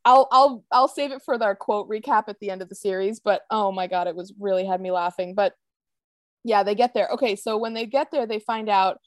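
A woman co-hosting a podcast, chatting casually about a TV episode, animated and quick to laugh as she acts out scenes. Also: medium pitch, no room sound. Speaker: podcast co-host. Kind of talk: casual chat recapping a TV episode.

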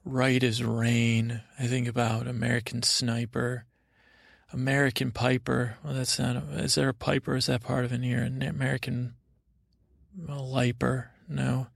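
A middle-aged man hosting a bedtime podcast, rambling slowly through a meandering story with many fillers and restarts. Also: medium pitch, level tone, creaky, no room sound, studio quality. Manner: slow and unhurried. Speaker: podcast host.

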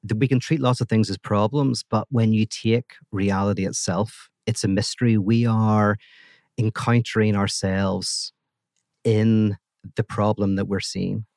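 A man talking as a guest philosopher in a casual podcast conversation, animated and full of restarts. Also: lowish voice, unhurried, vocal fry, dry recording, clean studio sound. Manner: animated storytelling, many restarts.

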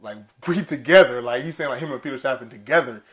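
A man co-hosting a casual pop-culture podcast, animated and swearing freely as he tells stories. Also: medium pitch, quick pace. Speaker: podcast co-host. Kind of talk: casual chat.

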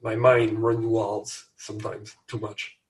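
A Canadian man with Portuguese parents, co-hosting a podcast in casual talk, thoughtful and halting, laughing easily. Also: lowish voice, flat delivery, recorded from a distance. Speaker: podcast co-host. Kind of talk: casual chat.

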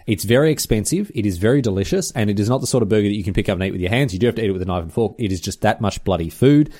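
Australian male podcast host, lowish voice, quick and animated casual chat. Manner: fast, animated storytelling with exclamations.

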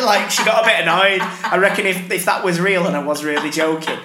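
A man's voice: high voice, fairly quick, hardly any pauses, very noisy. A young man, hosting a podcast and telling a story in casual, sweary chat. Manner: animated storyteller, swears freely. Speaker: podcast host. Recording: roomy echo.

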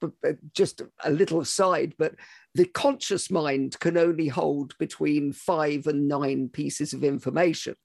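Male host, gravelly and husky, reflective explainer. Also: fairly high pitch, fairly even intonation, unhurried, a little mellow, dry recording, clean studio sound. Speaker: podcast host. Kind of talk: conversational interview.

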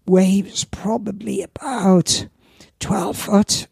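Older welsh guy, raspy and gravelly, rambling through surf stories, dry close sound. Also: high voice, very slow, dry recording. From Wales. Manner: rambling anecdotes with lively asides. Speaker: surf shop owner and former surfing champion. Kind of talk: casual storytelling in an interview.

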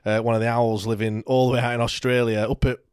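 A man's voice: medium pitch, little pitch movement, quick pace, darkish tone, clean tone, no echo, clean studio sound. A man, co-hosting a football podcast, chatty and full of tag questions like "to be fair". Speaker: podcast co-host. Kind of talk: casual football chat.

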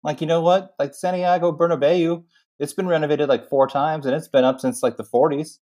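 A young adult man co-hosting a podcast, talking in animated tangents full of fillers. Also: a little high, brisk. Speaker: podcast co-host. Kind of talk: casual film recap chat.

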